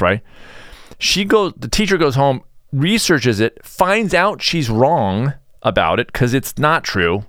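A man's voice: mid-range voice, a bit bright, dry recording, studio quality. A middle-aged man hosting his own podcast, telling a story in a blunt, casual monologue. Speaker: podcast host.

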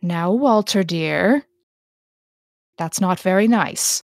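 Role: woman playing a smug medium at a séance, slow and sugary, dry close sound. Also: fairly low pitch, no room sound. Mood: indulgent. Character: sly, indulgent woman spirit medium.

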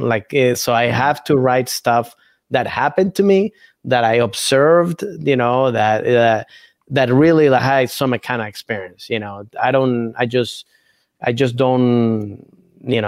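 A man's voice: medium pitch, normal speed, dry recording. A man guest in a casual interview, rambling and restarting his thoughts as he explains his approach. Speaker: comedian guest.

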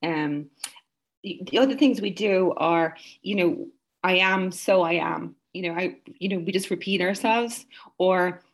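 A woman's voice: on the low side, measured pace. A woman with an Irish accent, an author chatting enthusiastically as a guest, full of asides. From Ireland. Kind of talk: casual chat.

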